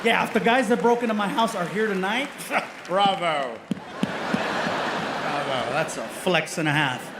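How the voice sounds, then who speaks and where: A man doing animated, self-mocking stand-up storytelling on a comedy stage. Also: high-pitched, moderate pace, echoey room, very noisy. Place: comedy stage before a live audience.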